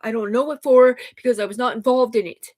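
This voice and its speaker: A woman with a slightly high voice rambles through a livestream monologue, agitated and profane, tripping over restarts. She keeps calling her listener sir, and she sounds upset, with sighs and sniffles between runs of talk. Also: fairly even intonation, fast talker, darkish tone.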